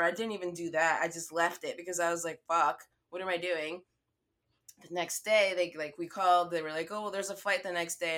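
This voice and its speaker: Chatting casually, a young woman tells a story with plenty of cursing, performing her own lines as she goes. Her voice is bright and forceful, pitched slightly low.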